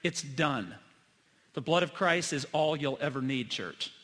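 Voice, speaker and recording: A middle-aged male pastor with a fairly high, bright, forceful voice preaches a sermon. He tells personal stories earnestly, rising to loud emphasis and dropping to hushed, quiet lines. His voice rings through a church sanctuary with a long reverb. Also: animated, unhurried.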